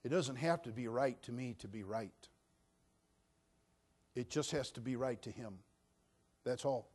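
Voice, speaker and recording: A man preaching a sermon as a pastor, animated, dropping to a hush and then rising to near shouting. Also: mid-range voice, unhurried, breathy edge. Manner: animated, swings from hushed to shouting.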